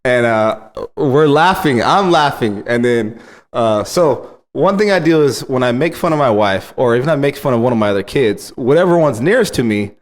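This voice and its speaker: A man in his thirties co-hosting a podcast, telling lively family anecdotes. He laughs often and slips into playful voices for his kids. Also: mid-range voice, moderate pace. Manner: animated storytelling, laughs often. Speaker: podcast co-host. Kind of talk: casual chat.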